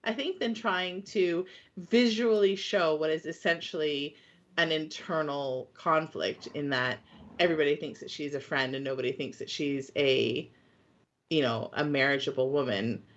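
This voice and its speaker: A woman's voice: sits low, normal speed, a bit bright. A woman co-hosting a podcast, talking things through in a thoughtful, analytical way. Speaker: podcast co-host. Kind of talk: casual chat. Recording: dull lo-fi mic.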